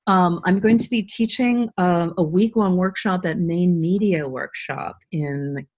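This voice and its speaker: A woman hosting a voiceover webinar, chatty and quick to laugh, rushing through stories. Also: on the low side, a little mellow. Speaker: host, voiceover coach. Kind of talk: casual webinar Q&A.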